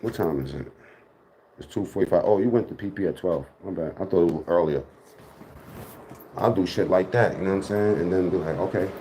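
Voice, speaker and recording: In an echoey room at home, a man with a low, dark voice talks a little fast and pauses often, with slight background noise. He hosts a rambling home vlog in a loose, streetwise style, swearing a lot and wandering between asides.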